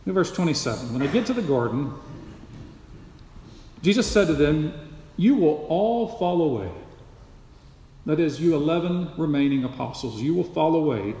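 A man's voice: a little high, lively intonation, fairly quick, darkish tone. A man preaching an expository sermon, emphatic and repeating key phrases for stress. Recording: echoey hall with long reverb.

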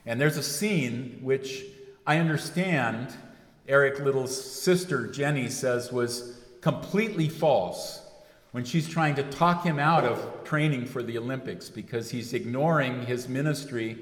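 A man's voice: mid-range voice, measured pace. Man preaching in an echoey hall. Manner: rambling, self-correcting with frequent fillers. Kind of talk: sermon. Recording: echoey hall with long reverb.

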